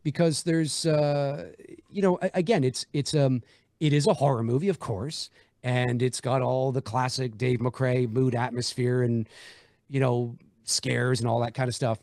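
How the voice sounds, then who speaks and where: A man's voice: medium pitch, steady tone, unhurried, darkish tone, no echo, studio quality. A man, an indie horror filmmaker, chatting casually on a livestream, rambling with lots of fillers and restarts.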